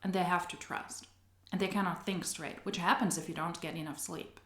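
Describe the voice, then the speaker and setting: A woman's voice: fairly low pitch, steady tone, normal speed, fairly bright tone, echoey room. Sarcastic woman mocking a sales call. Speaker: commentary video creator. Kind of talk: sarcastic reaction commentary.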